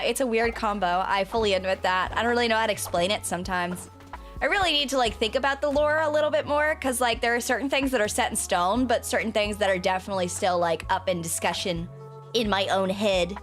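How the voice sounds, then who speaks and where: A young woman vtuber chatting casually as she plays a game, swearing and breaking into sudden shouts. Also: on the high side. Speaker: vtuber streamer. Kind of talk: casual gameplay commentary.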